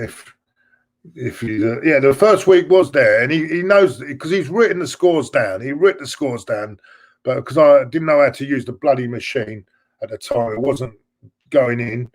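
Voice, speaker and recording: A middle-aged man hosting a fan live stream, rambling and repeating himself as he chats to viewers. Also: medium pitch. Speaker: fan channel host. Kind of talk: live-stream chat reading viewer messages.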